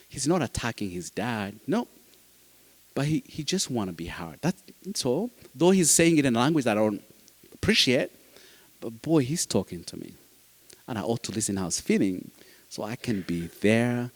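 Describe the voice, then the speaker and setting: A foster dad speaking at a summit gives an earnest, heartfelt speech to an audience in a mid-range, darkish voice. He repeats phrases and restarts his sentences.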